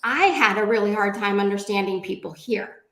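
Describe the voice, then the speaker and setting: A woman speaking as a panelist on a video call, animated and chatty, with lots of "like". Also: medium pitch, normal speed. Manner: animated and chatty, many likes. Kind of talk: casual panel discussion. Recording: echoey room.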